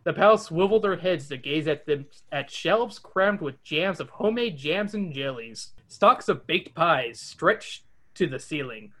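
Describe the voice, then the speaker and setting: Animated man reading a storybook aloud. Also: a little high, a little slow. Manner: animated, voices the characters. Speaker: podcast host reading a kids' book.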